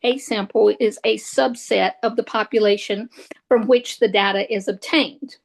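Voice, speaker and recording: A woman's voice: medium pitch, steady tone, normal speed, gravelly, rough recording. A woman giving a recorded statistics lecture, hesitant, with many fillers and restarts. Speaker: statistics instructor.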